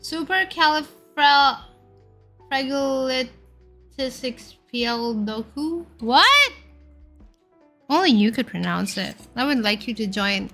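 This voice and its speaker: A woman's voice: mid-range voice, animated, brisk, vocal fry, hardly any pauses, fairly bright tone, soft background music. A young woman streaming, chatting casually and playfully with her chat and stumbling over tongue-twisters.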